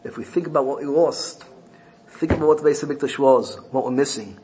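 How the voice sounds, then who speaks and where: Earnest male speaker for a sermon, storytelling, mid pitch, faint background noise. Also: fairly quick. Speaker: speaker giving a religious talk.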